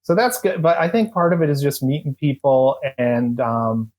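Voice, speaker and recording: A man's voice: medium pitch, expressive, moderate pace, darkish tone. A middle-aged man, a former eBay employee, telling stories as a podcast guest in a loose, rambling way with lots of fillers and restarts. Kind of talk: casual interview storytelling.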